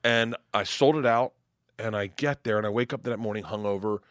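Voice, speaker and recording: A middle-aged man from Florida, a comedian guest telling animated, profane stories and acting out quotes loudly. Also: lowish voice, fairly quick, dry recording, clean studio sound. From Tampa, Florida. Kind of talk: casual storytelling chat.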